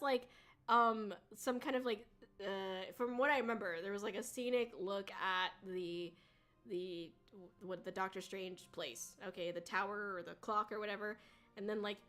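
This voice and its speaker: A woman's voice: a little high, sharp tone. A woman streaming as a VTuber, chatting casually in a rambling way, swearing and laughing often. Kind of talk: casual livestream chat.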